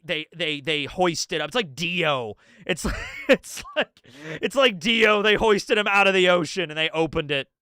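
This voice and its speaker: A man on a live stream, rambling excitedly through a manga chapter breakdown, laughing often and acting out quotes. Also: on the high side, clean tone, dry recording, clean studio sound. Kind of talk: casual live-stream commentary.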